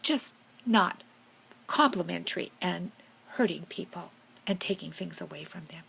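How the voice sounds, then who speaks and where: A woman voicing a slow, husky fox. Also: fairly low pitch, a bit bright, exaggerated voice, rough recording. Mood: proud, playful. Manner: slow, breathy storytelling to children. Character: friendly, vain female fox with a fluffy tail.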